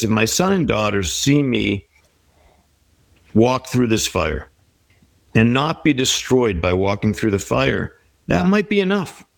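A man's voice: lowish voice, creaky, dry recording. Reflective middle-aged man giving advice. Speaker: guest author. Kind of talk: conversational interview.

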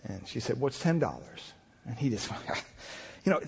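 A man's voice: mid-range voice, sing-song, moderate pace, creaky, a little mellow, breathy edge. A man pastor preaching a sermon in a folksy, storytelling way, acting out the people in his anecdotes. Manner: folksy storytelling with many restarts and voiced quotes.

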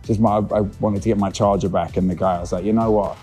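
A man's voice: low-pitched, fairly even intonation, fast talker, a little mellow, faint music behind. A young adult man, an actor, chatting casually as an interview guest, laid-back and rambling with restarts.

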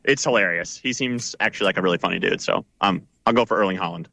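A man's voice: sits low, quick pace, gravelly, pushed and bright, dry recording. A man on a sports panel giving a playful, contrarian pick. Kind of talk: casual sports chat.

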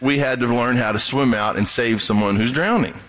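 A man's voice: a little fast, fairly bright tone. A middle-aged male pastor preaching a sermon in a conversational way, breaking into other voices when he quotes people. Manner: conversational, acts out quoted voices in a raised pitch.

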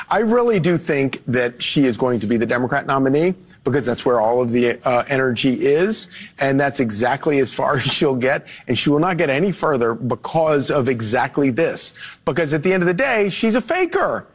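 A man on a TV panel speaking with gushing sarcasm and halting restarts. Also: mid-range voice, lively intonation. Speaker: TV panel guest. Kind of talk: TV panel commentary.

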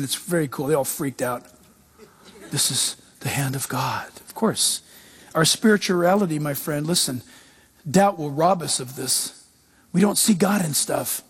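Husky-voiced man teaching with emphasis. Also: sits high. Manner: emphatic, repetitive, restarts often. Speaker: Bible teacher. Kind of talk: casual Bible teaching talk.

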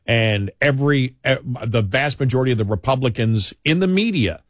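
With studio-quality sound and no echo, a co-host of a political talk show speaks fairly quickly in an animated, medium-pitched voice. Indignant and repetitive, he rambles and restarts while building up his arguments.

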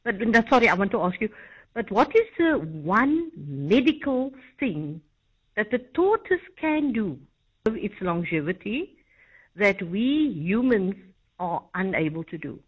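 A woman's voice: medium pitch, sing-song, measured pace, breathy edge. A woman calling in to a radio show, chatty as she quizzes the host. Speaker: caller. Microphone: phone line. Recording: dull phone line.

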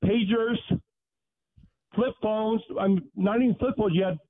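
A man's voice: high-pitched, steady tone, unhurried. A man calling in to a sports radio show, chatty and a bit complaining. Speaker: caller. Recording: tinny phone line.

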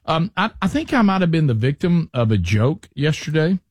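A man's voice: on the high side, big pitch swings, normal speed, dry recording. Guy hosting a radio talk show, rambly storytelling, keeps restarting, dry studio mic. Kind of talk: casual talk show banter.

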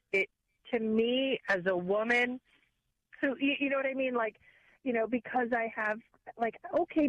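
A woman's voice: a little high, no echo. Woman caller on a phone line. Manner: halting, many restarts and fillers. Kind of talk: call-in radio talk.

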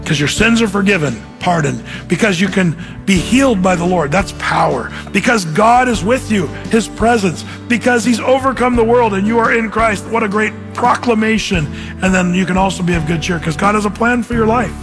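A man preaching a sermon as pastor, lively and animated, acting out quoted voices. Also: high-pitched, moderate pace, music in the background. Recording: hall reverb.

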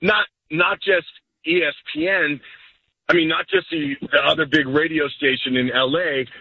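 Man, radio caller, rambling, restarts, husky, dull dry audio. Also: fairly high pitch, dry recording. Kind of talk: rambling call-in talk. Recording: dull phone-line broadcast audio.

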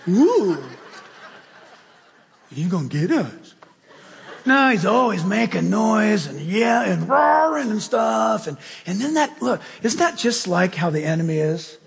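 A male pastor preaching a sermon with animated storytelling, acting out voices. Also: high voice, measured pace, vocal fry, few pauses, in a large hall.

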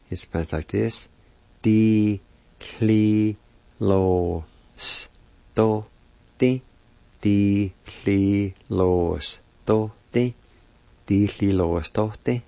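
Slow, deep-voiced man teaching words. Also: creaky, warm tone, no echo. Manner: patient, spells out sounds syllable by syllable. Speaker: language teacher. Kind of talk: slow spoken word lesson. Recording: dull lo-fi recording.

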